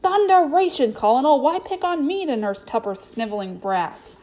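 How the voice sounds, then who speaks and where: A woman voicing a burly, gruff circus strongman who scorns children, reading from a storybook. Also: fairly high pitch, lively intonation, moderate pace, lightly acted. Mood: indignant.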